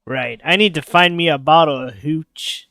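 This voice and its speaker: A man's voice: on the high side, moderate pace, pushed and bright, no room sound. A man giving casual gameplay commentary and muttering to himself with amusement. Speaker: streamer playing a game.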